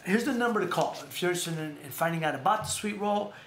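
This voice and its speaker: A man's voice: high voice, expressive, fast, a bit bright, a little hiss or hum. A man hosting a casual talk show, rambling and repeating himself as he plugs sponsors. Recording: echoey room.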